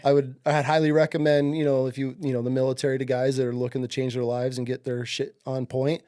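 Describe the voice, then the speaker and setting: A man's voice: mid-range voice, level tone, fast talker, mellow. A man in his forties from upstate New York, a podcast guest telling stories in casual chat. He swears freely and acts out the people in his stories. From upstate New York, USA. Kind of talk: casual storytelling.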